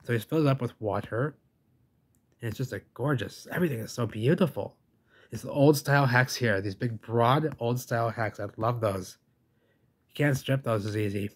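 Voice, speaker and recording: A man talking through a video in casual reaction commentary, rambling and enthusiastic. His voice sits at an ordinary middle pitch, chatty and loose as he points things out. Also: normal speed, breathy edge. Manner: rambling, enthusiastic, says "baby" and "folks".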